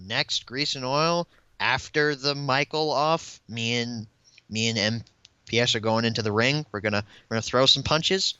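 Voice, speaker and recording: A man's voice: medium pitch, moderate pace, sharp tone, clear, resonant tone, no echo. A young man guesting on a casual podcast, giving opinionated rants. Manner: opinionated, ranting. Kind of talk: casual chat. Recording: dull, lo-fi dry sound.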